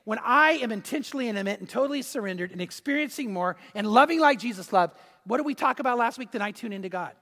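A man preaching a sermon, telling a story and swinging between loud and hushed delivery. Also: extremely high pitch, animated, racing, hardly any pauses, big-room sound. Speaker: pastor. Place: church hall.

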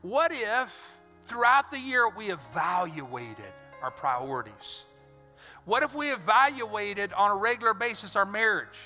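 A man preaching a sermon as pastor, energetic and animated, acting out little scenes. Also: high voice, a little slow. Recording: reverberant hall with faint music.

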